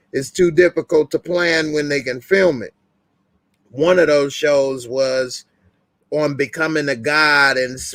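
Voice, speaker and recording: A relaxed man hosts a casual live stream, reading out chat and answering it. He talks at an unhurried, slow pace and laughs easily. His voice is dry and close to the mic. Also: on the high side, dry recording.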